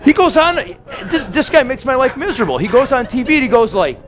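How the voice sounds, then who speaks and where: A man preaching a sermon, telling stories and acting out quick quotes along the way. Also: extremely high pitch, very animated, a crowd in the background. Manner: storytelling with quick acted-out quotes. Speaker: pastor.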